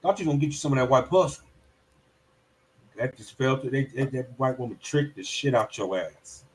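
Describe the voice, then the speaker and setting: A man with a medium-pitched voice hosts a live stream, speaking briskly. His commentary is heated, animated, and profane, and now and then he slips into mocking voices.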